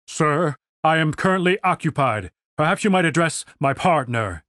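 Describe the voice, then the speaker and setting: A man's voice: fairly high pitch, animated, normal speed, fairly bright tone, dry recording, clean studio sound. A man voicing a stern older city guard who speaks in stiff, formal phrases.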